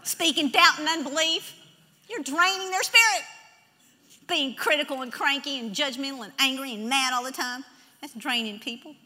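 Woman preacher, high pitched, emphatic sermon, reverberant church hall. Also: normal speed, pushed and bright. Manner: emphatic, leads the congregation in repeating scripture.

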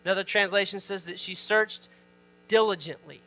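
A man's voice: high voice, normal speed, pushed and bright. A man preaching an informal sermon. He reads scripture aloud, explains it, and asks the listeners questions. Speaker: pastor. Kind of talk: conversational sermon.

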